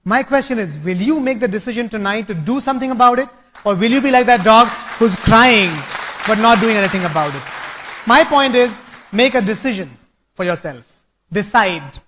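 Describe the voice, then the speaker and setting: A man's voice: high-pitched, fairly bright tone. A man giving a rousing, preachy motivational talk, telling anecdotes to an audience. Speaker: speaker at a business meeting.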